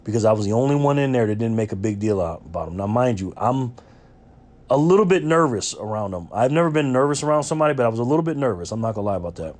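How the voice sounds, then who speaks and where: A man's voice: medium pitch, expressive, fast, a little mellow. A man from New York, vlogging as he tells a chatty story with lots of fillers and restarts. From Rochester, New York. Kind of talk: casual storytelling.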